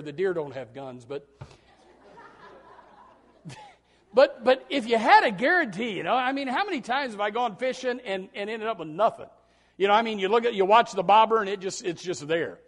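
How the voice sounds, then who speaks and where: A man preaches a sermon to his congregation. He rambles in a homespun, folksy way, then his voice climbs and bursts into loud, emphatic shouts. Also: sits high. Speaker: pastor.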